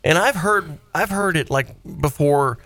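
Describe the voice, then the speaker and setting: A man with a Southern US accent hosting a radio show from the studio, talking in a rambling, jokey and animated way. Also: fairly high pitch, unhurried, no echo. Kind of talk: casual radio banter.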